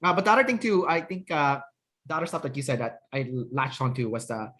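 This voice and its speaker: A man's voice: on the high side, big pitch swings, quick pace, sharp tone. A man hosting an interview as a personality trainer, talking casually with many fillers and tag questions.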